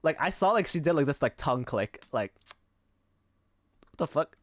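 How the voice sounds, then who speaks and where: A man's voice: a little high, expressive, brisk, no room sound, clean studio sound. A young man streaming live, chatting casually and telling rambling stories packed with fillers and swearing. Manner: rambling, filler-heavy storytelling with frequent swearing.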